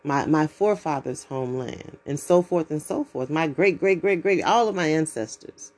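A woman's voice: deep voice, normal speed, a little mellow. Outspoken, profane woman podcast host. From United States. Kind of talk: blunt solo podcast monologue.

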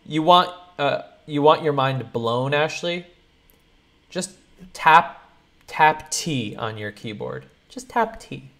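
A male streamer reacting to a clip and talking excitedly to his chat. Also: a little high, slow. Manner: excited, talks straight to chat.

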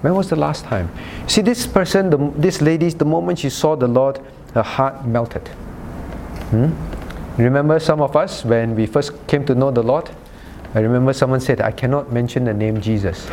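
A man's voice: mid-range voice, moderate pace, a little mellow, a little hiss or hum. A man pastor leading a Bible study in sermon style, often asking "right?" and calling on listeners by name. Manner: rhetorical "right?" checks.

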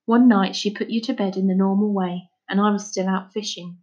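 A woman reading aloud voices a grieving middle-aged fisherman father, speaking in a heavy, halting way. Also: medium pitch, steady tone, darkish tone, lo-fi sound, close to an everyday voice. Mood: sorrowful.

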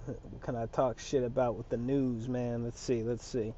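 A man's voice: medium pitch, level tone, moderate pace, mellow, lo-fi sound, slight background noise. A man hosting his own podcast alone, in a loose, slangy, profane and rambling monologue. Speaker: solo podcast host.

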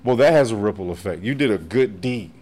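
A fairly quick talker with a voice on the low side, this martial arts master guests on a podcast in his forties or older. He tells stories casually, swearing freely and laughing often in an animated way.

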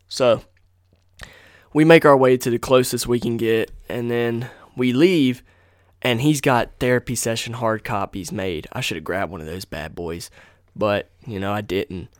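A young man hosting a casual storytelling podcast at home, talking in an excitable, rambling way and swearing freely into a microphone on a box. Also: lowish voice, smooth, no room sound, studio quality. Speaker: podcast host. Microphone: desk microphone on a box.

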